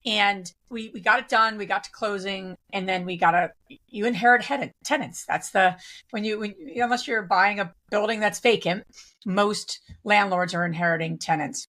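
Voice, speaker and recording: Reflective woman guest, mid-pitched voice. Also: normal speed, sharp tone. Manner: reflective, many restarts and fillers. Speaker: guest, real estate investor. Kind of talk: conversational interview.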